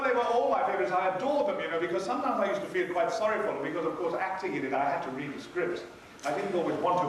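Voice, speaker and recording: An older man, a convention panel guest, telling dry, theatrical anecdotes to an audience. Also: high voice. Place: large hall at a convention. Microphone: recorded from far off by an audience camera. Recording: echoey hall from far off, noisy.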